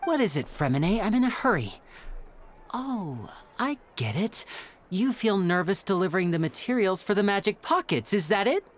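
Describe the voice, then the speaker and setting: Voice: mid-range voice, very animated, moderate pace, lightly acted. A performer voicing a charming, polite young stage magician in a video game. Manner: polite, smooth, light laughs.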